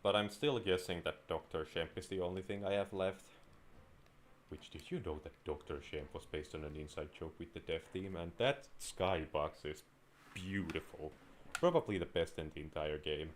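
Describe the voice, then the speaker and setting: A man's voice: deep voice, fairly even intonation, normal speed, a little hiss or hum. A young man giving rambling, self-mocking commentary while he plays a game. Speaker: gameplay commentator. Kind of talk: casual gameplay commentary.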